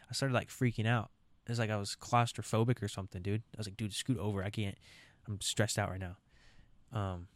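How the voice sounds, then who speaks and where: A man's voice: fairly low pitch, smooth, no room sound. Rambling young man with a drawl. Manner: rambling, joking, says dude a lot. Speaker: podcast host. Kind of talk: solo casual podcast chat. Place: camper.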